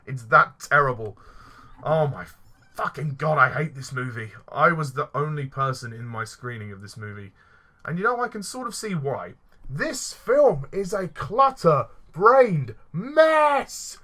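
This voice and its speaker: A man's voice: medium pitch, animated, normal speed, sharp tone. A man giving an exasperated, ranting film review, swearing and often stumbling and restarting his sentences. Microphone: voice-only recording.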